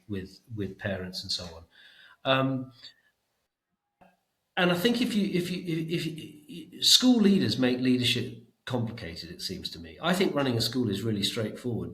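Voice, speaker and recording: Middle-aged guy on a podcast, bright forceful tone, roomy sound, stumbles over repeats. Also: fairly low pitch. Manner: emphatic, repeats words when thinking. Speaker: education trust chief executive, guest. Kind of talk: podcast interview.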